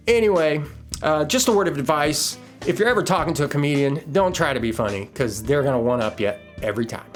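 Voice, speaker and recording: A middle-aged podcast host talks in a relaxed, folksy manner, with a slightly raised pitch. He drifts into anecdotes with plenty of filler words. His delivery stays casual throughout. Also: a little fast, faint music behind. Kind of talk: casual storytelling and recipe talk.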